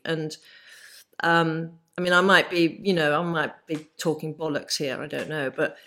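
A woman, hosting an interview, speaking in an effusive, reassuring way. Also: low voice. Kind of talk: casual interview chat.

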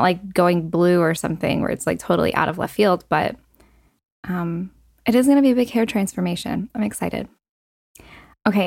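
A woman's voice: lowish voice, gravelly, no room sound, studio quality. Chatty young woman podcast host. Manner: chatty, frequent "like" and "um" fillers, quick asides. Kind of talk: casual solo podcast chat.

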